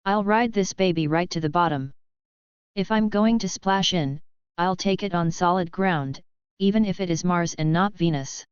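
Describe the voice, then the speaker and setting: A blunt young cadet engineer, as a woman narrator reads him in a space adventure audiobook. He speaks grimly and plainly. The voice is clear and lowish, on a dry, muffled recording. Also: normal speed, dry recording, close to an everyday voice. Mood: resolute. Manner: grim, blunt.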